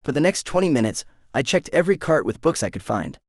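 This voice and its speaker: Expressive male audiobook narrator. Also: on the high side, fast talker, no echo, studio quality. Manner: expressive, animated. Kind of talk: first-person romance narration.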